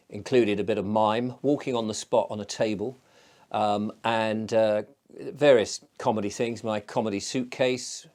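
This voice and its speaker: A man's voice: lowish voice, darkish tone. Chatty, rambling male vlogger. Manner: digressive storyteller, chatty with many fillers. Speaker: channel host. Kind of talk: casual rambling vlog chat.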